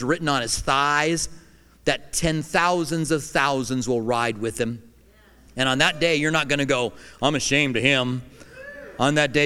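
A man's voice: fairly high pitch, smooth. Preaching man in a reverberant hall. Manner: emphatic preaching, swinging between loud declarations and hushed lines. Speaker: pastor. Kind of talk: sermon.

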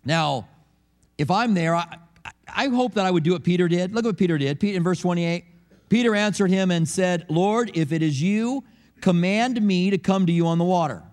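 Middle-aged male pastor, light high voice, chatty sermon with acted-out quotes. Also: moderate pace. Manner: conversational, animated storytelling with acted quotes. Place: church service.

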